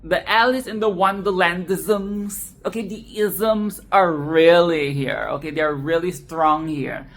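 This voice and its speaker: A woman's voice: on the low side, fairly even intonation, slow pace, few pauses. A woman hosting a film commentary video, ranting in a profane, exasperated and sarcastic way. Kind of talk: casual solo film rant.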